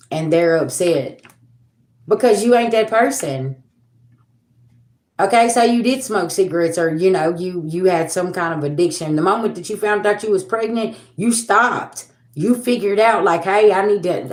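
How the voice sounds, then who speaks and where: A woman's voice: on the low side, moderate pace, echoey room. A woman in her forties hosting a livestream, talking bluntly and profanely to her viewers in a preachy, casual way. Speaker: livestream host.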